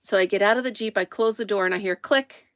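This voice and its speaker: A woman's voice: mid-range voice, quick pace, dry recording, clean studio sound. A woman chatting casually to viewers on a live stream from inside her camper, greeting them by name and laughing often. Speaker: livestream host.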